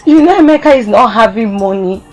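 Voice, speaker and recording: A newly married young daughter pleads with her mother in a plaintive voice. Her voice sits slightly high, and faint music plays underneath. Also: lively intonation, fairly quick. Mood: pleading. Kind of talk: film acting.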